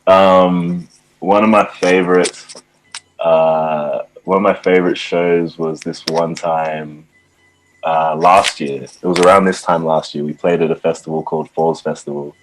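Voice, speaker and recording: A young man from Ghana talks in a very low, deep voice, easy and unhurried, leaning on fillers like "like" and "um". He tells stories as a musician guest in a casual interview. A faint hiss of noise sits under the recording. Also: little pitch movement, rough recording. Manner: laid-back, many "like" and "um" fillers.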